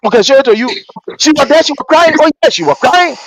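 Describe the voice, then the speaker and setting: A man with a Liberian English accent delivers impassioned political commentary in a very high voice. He talks in an animated, repetitive way, often mimicking the people he quotes. The recording is dry and close. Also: fast, creaky, no echo. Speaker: host of a political commentary show.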